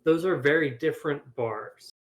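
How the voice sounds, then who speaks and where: A man's voice: on the high side, normal speed. A man, a game developer, talking casually in a group voice chat, rambling with many restarts while he has the hiccups.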